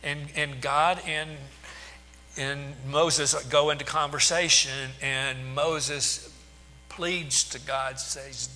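A man's voice: on the high side, fairly even intonation, takes it slowly, bright, forceful tone, big-room sound, a little hiss or hum. A man preaching a sermon, retelling scripture in plain words with restarts and asides.

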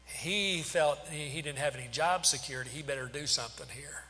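A man's voice: a little high, normal speed, few pauses, sharp tone. A man preaching a sermon as pastor, firing off rhetorical questions with emphasis. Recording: long hall reverb, faint hum.

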